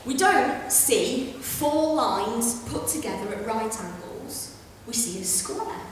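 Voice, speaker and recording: A woman's voice: a little high, animated, recorded from a distance, slight background noise. Chatty woman in an echoey hall. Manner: chatty, brash, quick asides. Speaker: stand-up science comedian. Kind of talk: stand-up comedy lecture. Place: theatre stage before a live audience. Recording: echoey hall recorded from afar.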